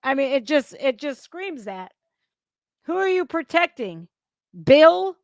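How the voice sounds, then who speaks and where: Woman host, fairly high voice, blunt and fired-up, dry close mic. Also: very animated, takes it slowly, dry recording. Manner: blunt, heated, swearing, with sudden outbursts. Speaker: political commentary host. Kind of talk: casual reaction commentary.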